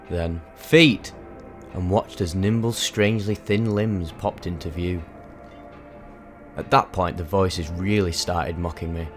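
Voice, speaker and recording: Man, deep voice, dramatic storytelling, vivid and emphatic, soft music behind. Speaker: narrator. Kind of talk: dramatic first-person storytelling.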